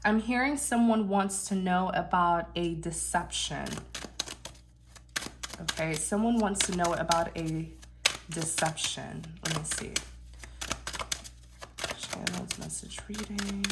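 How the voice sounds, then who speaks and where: A woman with a nasal, congested voice giving a channeled tarot reading, gentle and reassuring with many fillers and restarts. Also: on the low side, noisy background. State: unwell, congested. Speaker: tarot reader.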